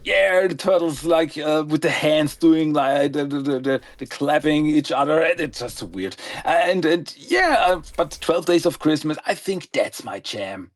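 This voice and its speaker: A man's voice: on the high side, animated, a little slow, hardly any pauses, no room sound. A man co-hosting a podcast, chatting enthusiastically and rambling with frequent laughs. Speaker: podcast co-host. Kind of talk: casual podcast chat. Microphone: podcast microphone, audio only.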